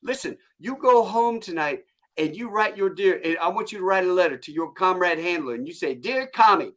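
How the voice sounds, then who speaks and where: A bellowing, sarcastic Marine drill instructor, put on by a man telling an old story. He barks mocking orders in a strained, raised voice that swings wildly up and down. It sounds bright and forceful, like a parade-ground rant. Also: high-pitched, expressive, fairly quick, voice pushed up. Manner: barking, mocking, shouted orders.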